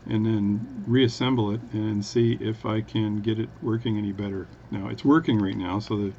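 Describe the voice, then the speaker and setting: Watch vlogger, man, gravelly voice, rambling and jokey, muffled recording with faint hum. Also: on the low side, steady tone, normal speed, warm tone. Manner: rambling, self-interrupting, jokey. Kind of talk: casual workbench talk.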